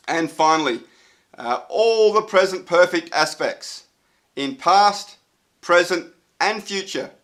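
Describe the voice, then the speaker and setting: A man's voice: fairly high pitch, a bit bright. A man teaching English grammar in a casual online lesson, explaining step by step with frequent fillers. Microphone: solo video recording.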